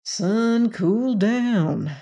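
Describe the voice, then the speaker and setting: A woman reading aloud and voicing a gruff older male gunman, blunt and commanding. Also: medium pitch, animated, a little slow, lightly acted. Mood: firm.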